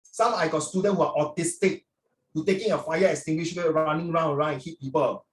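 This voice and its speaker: Lecturing his students in a chatty, preachy way, an older teacher with a Singaporean accent fills his speech with local particles. His fairly quick voice sits a little high for a man. He sounds far from the mic in a roomy, echoey space.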